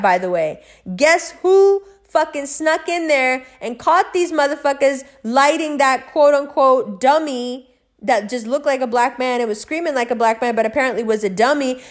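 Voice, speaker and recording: A middle-aged vlogger with a high-pitched voice and moderate pace tells a wandering personal anecdote in casual monologue form. She curses freely, at times loudly excited and at times dropping to a hush.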